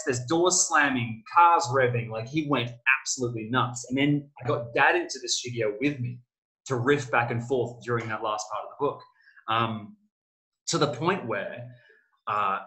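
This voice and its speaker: A middle-aged man, an author talking as a guest in a casual interview, telling stories and acting out quotes with sudden jumps in pitch. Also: low-quality recording. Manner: animated storyteller, acts out quoted lines with big pitch jumps.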